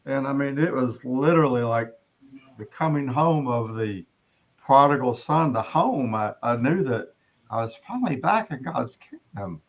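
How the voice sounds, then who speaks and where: A middle-aged man giving an earnest personal testimony as an interview guest, often halting and restarting his sentences. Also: mid-range voice, animated, muffled recording.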